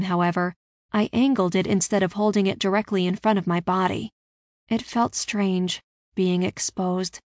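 Woman, audiobook narration, first person, expressive, medium pitch, dry recording. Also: no room sound. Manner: steady, expressive storytelling.

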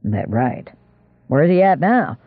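A man voicing a gruff country squire. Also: fairly high pitch, very animated, takes it slowly, no room sound, narrow, tinny audio, heavily acted. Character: older rural male squire, gruff and dry.

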